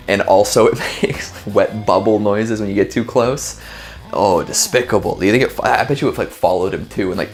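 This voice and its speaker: A man casually reacting to spooky video clips, joking and rambling with lots of fillers. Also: on the low side.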